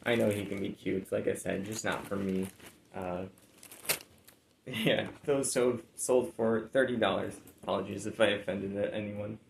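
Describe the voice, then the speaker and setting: Gravelly, low-voiced man rambling casually. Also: a little slow, reverberant, a little hiss or hum, poor audio. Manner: rambling, laid-back, many fillers. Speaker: reseller showing sold items. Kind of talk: casual chat.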